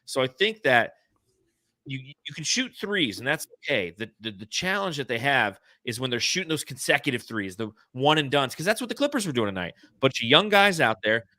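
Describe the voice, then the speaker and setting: A man's voice: medium pitch, sing-song, fairly quick, pushed and bright, no echo, studio quality. A man hosting a casual sports podcast, joking around and sometimes slipping into a put-on cowboy drawl. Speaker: podcast host.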